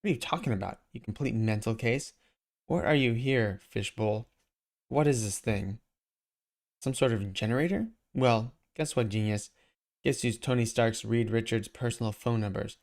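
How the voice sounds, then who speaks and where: A man's voice: medium pitch, moderate pace, a little mellow, close to an everyday voice. A wisecracking young superhero who talks in breezy, sarcastic jabs, voiced by a man reading a comic aloud. The delivery stays close to an everyday speaking voice. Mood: mocking. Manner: sarcastic, quipping.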